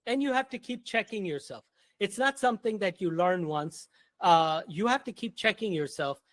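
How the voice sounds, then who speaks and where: A man's voice: high voice, expressive, moderate pace, a bit bright. A man talking as a podcast guest, telling stories bluntly and emphatically, with casual slang. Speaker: guest, entrepreneur.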